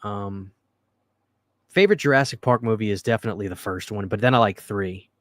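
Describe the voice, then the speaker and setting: A man's voice: lowish voice, fairly quick, no echo, studio quality. Rambling late-night livestream host, man. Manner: rambling, earnest, thanks viewers often. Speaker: livestream host reading viewer comments. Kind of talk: casual late-night live chat. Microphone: studio microphone.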